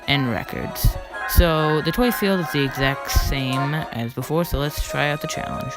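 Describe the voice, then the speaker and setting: A casual game-video narrator talks in a loose, rambling way, stumbling and restarting mid-sentence as the recap runs on. The voice sits at a middle pitch. Clear background music plays under the voice-over. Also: unhurried, rough recording.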